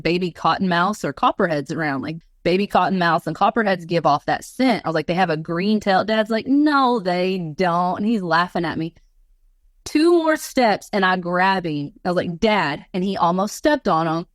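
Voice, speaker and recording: A woman guest in an interview, telling stories in a rambling, animated way with lots of filler words. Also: on the low side, no echo. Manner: animated, rambling storyteller with many fillers and laughs. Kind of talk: casual storytelling interview.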